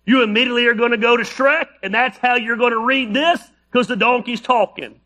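A man's voice: extremely high pitch, fairly even intonation, brisk, bright, forceful tone. A male pastor preaching a sermon, reading scripture aloud with playful, joking asides.

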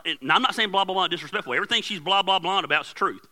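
In a church sanctuary, a middle-aged male pastor preaches with tons of energy, telling a story about himself and acting out his wife's angry yelling. His high voice races very fast with few pauses. It's picked up on a handheld or headset mic, and the audio quality is poor.

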